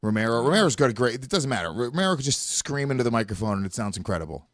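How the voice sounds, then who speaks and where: An American man co-hosts a casual podcast in an easygoing, joking manner, his voice at an everyday middle pitch. The mic is close and dry, with hardly any room sound. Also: animated, racing, fairly bright tone, dry recording. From United States. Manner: laid-back and joking. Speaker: podcast co-host.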